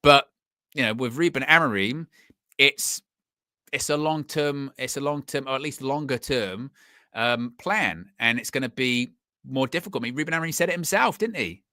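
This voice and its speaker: A young man hosting a live football fan stream, chatting in an animated way and laughing often. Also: medium pitch, normal speed, dry recording, studio quality. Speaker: football fan channel host.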